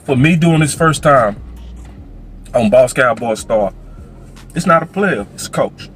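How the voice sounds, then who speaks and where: A man's voice: medium pitch, expressive, a little slow, a bit bright, faint music behind. A man giving playful, slangy football commentary in a played video clip.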